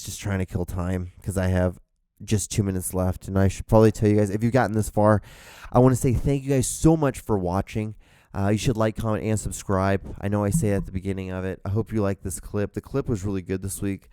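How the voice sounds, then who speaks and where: A man's voice: on the low side, dark tone, smooth, dry recording, clean studio sound. A young man hosting his own show, rambling casually with lots of fillers and restarts, sounding tired, his voice starting to go. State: tired, voice going out. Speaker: host.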